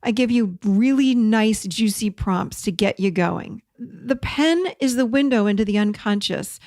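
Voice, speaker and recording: A middle-aged woman hosting an encouraging self-help talk, direct and warm, repeating words for emphasis. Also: a little high, no echo, clean studio sound. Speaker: host.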